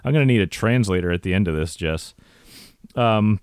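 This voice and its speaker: A man's voice: on the low side, lively intonation, moderate pace, darkish tone, clear, resonant tone, no echo, clean studio sound. A man hosting a casual podcast, wry and laughing often as he reads fan messages aloud. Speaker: podcast host.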